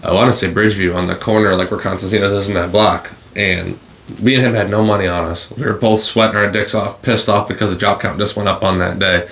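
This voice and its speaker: A man co-hosting a podcast, telling a profane, animated story in casual chat. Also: low voice, fast talker, roomy sound. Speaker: podcast co-host.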